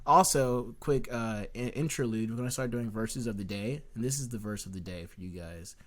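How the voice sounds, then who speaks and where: A man's voice: on the low side, fairly quick. A young man co-hosting a casual faith podcast, telling his story earnestly and with animation, full of restarts. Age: young adult. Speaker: podcast co-host.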